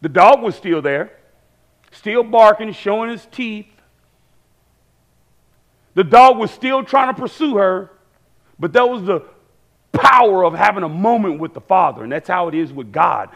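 Man, preacher, sermon, high-pitched, animated, church. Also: measured pace, gravelly, long pauses. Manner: animated, acts out quoted voices, repeats phrases.

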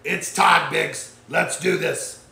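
A man's voice: a little high, slow, vocal fry, pushed and bright. A man casually vlogging inside a smoke shop, laid-back and swearing as he hypes the place. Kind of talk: casual vlog commentary. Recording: echoey shop room, faint background noise.

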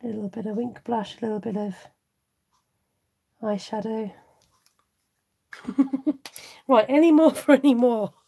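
Hosting a live card-making session, a woman chats casually, reads viewer comments and often murmurs to herself. Her slightly high voice is steady, measured, mellow and slightly rough with vocal fry and long pauses, and the recording's highs are cut off.

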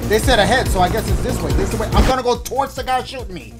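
A man hosting a gaming video, reacting loudly and excitably to the game, with plenty of swearing and joking. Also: high voice, racing, over loud music. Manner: excitable, loud, profane, joking. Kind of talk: let's play commentary.

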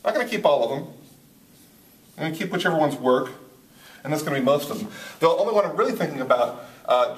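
In a room with a board, a man with a mid-range voice teaches poetry, thinking aloud and frequently restarting and using fillers. The sound is roomy and distant, with slight background noise.

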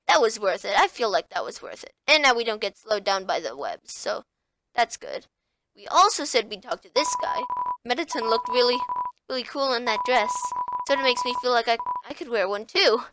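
A woman's voice: fairly high pitch, lively intonation, moderate pace. A woman hosting a let's-play video, chatting and rambling casually as she plays. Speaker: gaming video host. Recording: loud game music behind.

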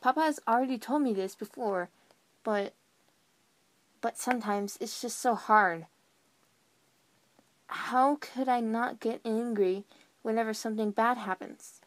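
A troubled young unicorn colt, voiced by a woman, speaking in a fairly high, earnest voice. The delivery is unhurried, and the recording is close and dry with no room sound. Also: no room sound, close to an everyday voice. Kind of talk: fan audio drama voice acting.

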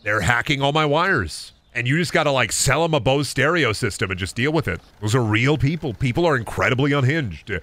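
A young man streaming a game, ranting in an animated, rambling way and swearing freely about past retail customers. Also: mid-range voice, fairly quick, few pauses. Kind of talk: ranting livestream commentary.

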